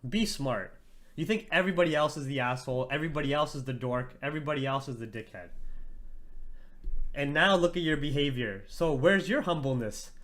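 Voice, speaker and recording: A brash young man hosts a live trading stream and talks to his chat in a mocking, profane way. His voice sits somewhat high for a man, and he laughs often between his lines. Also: brisk, fairly bright tone. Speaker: trading livestream host. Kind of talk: casual livestream chat.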